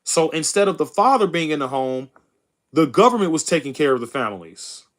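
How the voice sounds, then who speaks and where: A young man hosts a political livestream, reading chat and arguing with it in a heated, mocking way, constantly calling people bro and dude. His voice is a little high with big pitch swings, fairly quick and a bit bright. It's combative, casual commentary.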